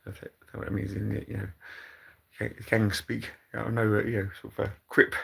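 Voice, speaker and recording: This British streamer's fairly low voice is husky with vocal fry as he reads out chat in a stop-start, rambling way. Fillers and restarts abound, and his asides are dry and deadpan.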